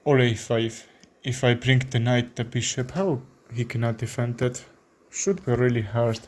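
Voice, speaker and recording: An Armenian chess streamer with an Armenian accent comments live in halting, filler-heavy English. His mid-range voice keeps a steady tone.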